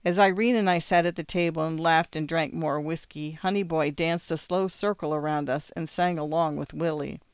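A man's voice: fairly high pitch, steady tone, normal speed, hardly any pauses, smooth, dry recording. A man reading a first-person story aloud in a wry, plain-spoken way. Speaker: audiobook reader.

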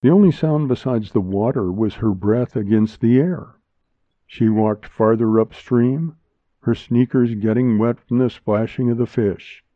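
A man narrating a short story as a volunteer reader, in a measured, hushed delivery recorded with a dull, lo-fi sound on a close mic. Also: medium pitch, no echo. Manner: slow, measured, hushed reading. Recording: dull lo-fi dry studio sound.

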